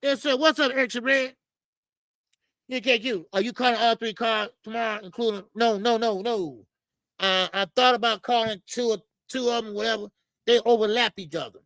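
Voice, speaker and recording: A man hosting a live boxing talk stream, ranting in a profane, animated way and often repeating himself. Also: very high-pitched, moderate pace, dry recording. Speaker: boxing show host.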